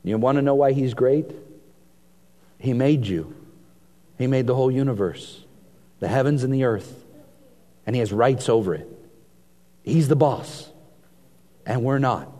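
A man preaching a sermon, reading scripture aloud and swinging between hushed and emphatic delivery. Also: mid-range voice, a little slow, pauses often. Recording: long hall reverb.

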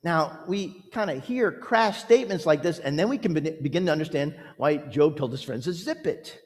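Pastor preaching in a reverberant hall. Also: male voice, a little high, animated, moderate pace. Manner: earnest, gentle storytelling with a pastoral tone. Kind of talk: sermon.

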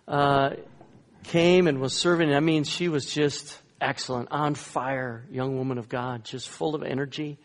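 A man, a guest pastor, telling a story in a sermon, swinging between loud emphatic lines and hushed soft ones. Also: a little high, fairly even intonation, a little slow. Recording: long reverb in a large hall.

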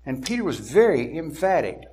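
A male preacher delivering an expository sermon at a deliberate pace. He leans hard on his key words and drags them out for emphasis. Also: on the high side, big pitch swings, mellow.

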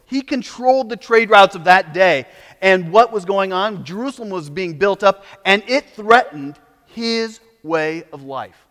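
High-voiced male preacher in reverberant hall. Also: unhurried. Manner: animated, switches to mocking voices when quoting opponents. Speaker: pastor. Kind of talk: sermon.

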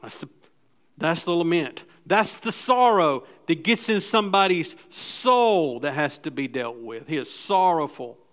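A middle-aged man preaching a sermon in a church, his voice pitched a little higher than most men's. He talks in a conversational way, stumbling over restarts now and then and slipping into little acted-out voices to make a point. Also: animated, a little slow. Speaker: pastor.

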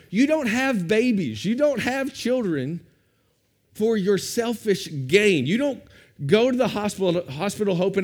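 A man preaching a sermon as pastor, with expressive rises and drops for emphasis. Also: high-pitched.

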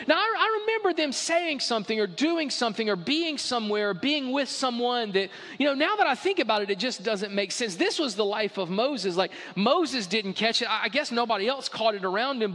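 High, bright-voiced man preaching. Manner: conversational, emphatic, repeating "like". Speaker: pastor. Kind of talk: sermon. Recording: echoey hall.

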